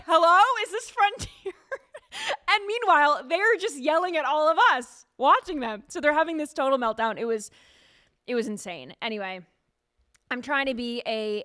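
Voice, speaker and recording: A woman podcast host in casual chat, telling stories in an animated way with frequent laughter, recorded in a studio. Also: fairly high pitch, smooth, no room sound.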